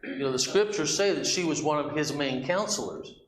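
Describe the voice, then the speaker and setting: A man's voice: fairly high pitch, lively intonation, a little fast, echoey room, background noise. A man teaching a Bible study class, asking questions and reading scripture aloud in a conversational way. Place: church classroom.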